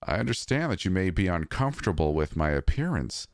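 A man voicing a dead wife who speaks through six strangers at once, calm and unsettling. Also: deep voice, brisk, no echo, clean studio sound. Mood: eerie. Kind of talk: storytelling narration.

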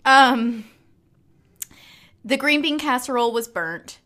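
Chatty woman cohost, bright tense voice, tells stories all animated. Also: sits high, slow. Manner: animated storyteller. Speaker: podcast co-host. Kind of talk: casual chat.

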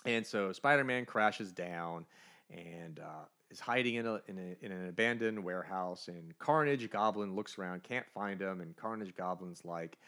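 A man with a lowish voice and a bright, forceful edge tells a comic's plot in casual chat. He acts it out as he goes, dropping into quick character voices. His tone is lively and animated. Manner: animated storyteller, briefly voicing characters. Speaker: podcast co-host. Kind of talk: casual comic book recap.

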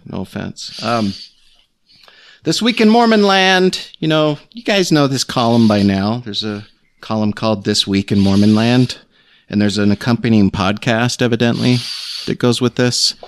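A man's voice: mid-range voice, moderate pace, a little hiss or hum. A man hosting a casual podcast, joking with his co-hosts and reading news items aloud. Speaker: podcast host.

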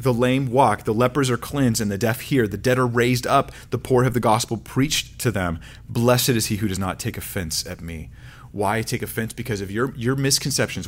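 A man teaching the Bible verse by verse in a lively, conversational way, with frequent fillers and restarts. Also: lowish voice.

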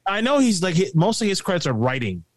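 A man's voice: high voice, big pitch swings, fast, dry recording. A man in casual movie chat who talks bluntly and swears freely.

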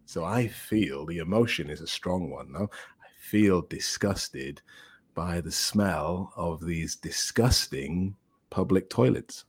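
A man co-hosting a podcast English lesson, reading example sentences aloud slowly and encouraging his co-host. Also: low voice, breathy edge.

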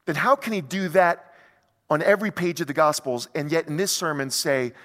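A male pastor preaching a sermon in a conversational, animated way, full of rhetorical questions. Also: a little high, moderate pace, in a large hall.

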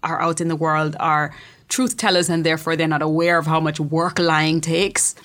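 Jamaican woman, deep-set voice, candid storyteller, restarts her sentences. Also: little pitch movement, normal speed, a bit bright. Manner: emphatic, repeats words when starting sentences. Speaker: poet and memoirist guest.

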